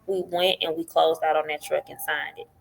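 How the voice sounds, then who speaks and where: A woman's voice: sits low, normal speed, creaky. A middle-aged woman, a podcast guest telling her story in casual talk and acting out what others said. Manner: animated, acts out what others said.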